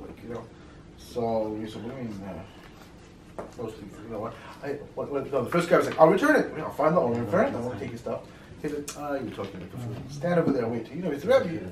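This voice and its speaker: Male class teacher, quick animated storyteller, recorded distant in a reverberant room. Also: fairly high pitch. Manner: fast, animated storytelling with many fillers. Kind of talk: informal Torah class with students. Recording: echoey room, mic far off, faint noise.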